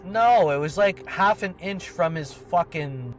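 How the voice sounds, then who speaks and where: This man co-hosts a podcast and is telling a rambling personal story full of swearing and filler words. He has a high voice with lively intonation and speaks a little slowly.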